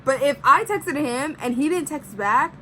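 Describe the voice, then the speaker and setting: A young woman vlogger with a high, bright, expressive voice speaks a little slowly and forcefully, in a low-quality recording with slight background noise. She chats through a casual storytime about her own life, saying "like" constantly and acting out what people said.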